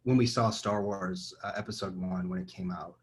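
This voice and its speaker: A man's voice: low voice, steady tone, normal speed. A man in his thirties, a podcast guest, talking casually with many fillers and repeats. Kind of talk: casual conversation.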